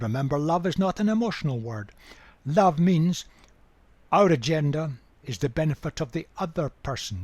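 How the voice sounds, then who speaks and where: An older man giving a Bible study talk, measured and emphatic, repeating key words for weight. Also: a little high, darkish tone, dry recording. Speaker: Bible teacher.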